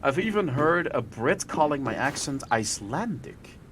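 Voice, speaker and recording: Dutch male podcast host, native Dutch, lively swinging delivery, profane. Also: a little high, normal speed, slight background noise. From Netherlands. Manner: profane, ranting storyteller. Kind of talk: casual chat.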